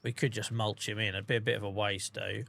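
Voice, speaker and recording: A man's voice: lowish voice, little pitch movement, a little fast, vocal fry, a bit bright. A man with a Norfolk accent, chatting casually to his viewers while playing a farming game on a stream. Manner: chatty, laid-back, talking to chat while playing. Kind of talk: casual gaming stream chat.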